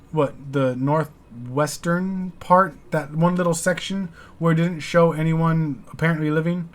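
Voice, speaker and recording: An American man hosting a reaction video, rambling candidly through his thoughts and swearing now and then. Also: on the high side. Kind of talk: casual reaction commentary.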